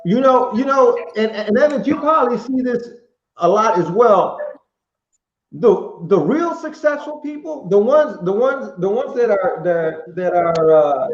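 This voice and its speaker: The podcast host here has a high, expressive voice and talks a little slowly. His casual chat is reflective and rambling, full of restarts, and the live-stream audio is echoey and muffled.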